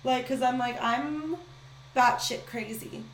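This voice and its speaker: A woman's voice: sits high, slow. A young woman chatting casually as a podcast guest, blunt and full of "like" fillers. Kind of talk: casual chat. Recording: echoey room with faint noise.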